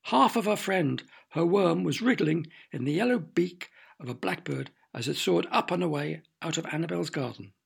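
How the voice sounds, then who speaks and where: A man narrating a children's storybook with expressive, playful sound effects. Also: a little high, moderate pace, creaky, few pauses, breathy edge.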